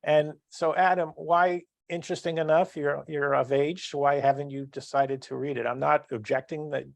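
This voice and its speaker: A man's voice: fairly high pitch, fairly even intonation, moderate pace, vocal fry, no echo. A man in his sixties hosting a podcast interview, asking long rambling questions full of restarts. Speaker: podcast host. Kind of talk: casual interview.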